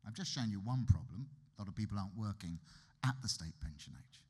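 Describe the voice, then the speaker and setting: A man's voice: fairly low pitch, animated, fast, darkish tone, breathy edge. A man with a British accent giving a conference keynote lecture in a wry, conversational way with emphatic asides. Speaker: keynote speaker. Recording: reverberant hall.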